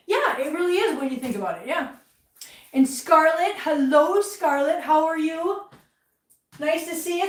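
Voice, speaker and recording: A high-voiced middle-aged woman rambles through a casual live chat while she tidies at home. She vents with heat between asides. Her voice comes from well back in a roomy space. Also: recorded from a distance, slight background noise. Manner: chatty, rambling, heated venting. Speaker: livestream host. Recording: roomy, from off-mic.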